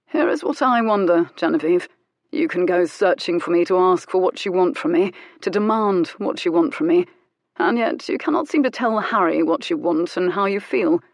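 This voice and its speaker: A woman's voice: lowish voice, lively intonation, moderate pace, no echo, studio quality. A woman voicing an arrogant adult male duke who needles and teases in a cool, mocking way.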